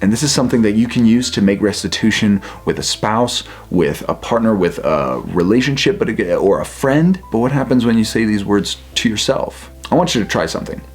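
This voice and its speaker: A man, a life coach, giving a self-help talk and gently guiding the listener through an exercise. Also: lowish voice, lively intonation, fairly quick, few pauses, soft background music. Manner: gentle, earnest, speaks directly to the listener.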